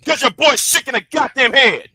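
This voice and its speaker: A man's voice: very high-pitched, moderate pace, pushed and bright, slightly rough, no room sound, poor audio. A man on a livestream, angrily and profanely calling out a rival he speaks to directly. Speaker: live streamer. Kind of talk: confrontational livestream rant. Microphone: streaming setup.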